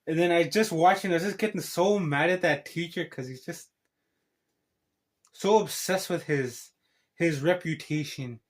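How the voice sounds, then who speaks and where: A man's voice: fairly high pitch, measured pace. Rambling man recapping a film. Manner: rambling, tangled retelling with many restarts. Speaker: film reviewer. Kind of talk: casual spoken film recap.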